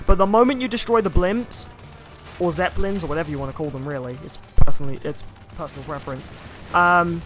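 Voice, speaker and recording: A man's voice: high voice, a bit bright, slight background noise. A young man chatting casually while streaming a video game, rambling and reading viewer comments aloud. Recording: faint game music behind.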